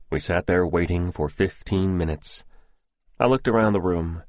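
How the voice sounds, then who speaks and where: A man narrating a first-person thriller audiobook in a measured, steady storytelling manner. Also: low-pitched, no room sound, studio quality.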